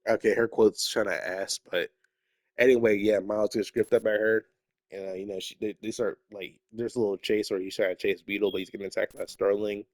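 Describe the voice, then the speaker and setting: A man's voice: fairly low pitch, level tone, a little fast, dry recording. Rambling young man with a stuffy nose. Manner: rambling, swears often, trails off into mumbling. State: slightly sick, stuffy nose. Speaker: YouTuber. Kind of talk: casual rambling chat.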